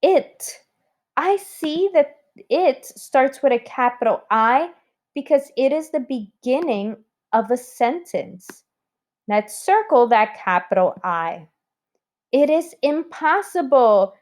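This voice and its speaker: Woman teacher doing a spelling lesson for kids, slow and careful, spells each letter out. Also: fairly high pitch, expressive, darkish tone. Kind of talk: recorded spelling lesson for children.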